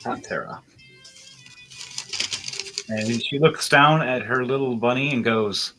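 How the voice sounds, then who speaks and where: A man's voice: medium pitch, takes it slowly, pauses often, sharp tone, soft background music. A man narrating as game master in a casual, chatty way, laughing often.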